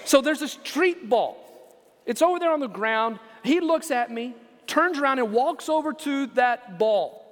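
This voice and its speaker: A man pastor preaching a sermon, telling stories and acting out quotes with lively emphasis. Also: very high voice, a little slow. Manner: animated storytelling with acted quotes. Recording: reverberant church hall.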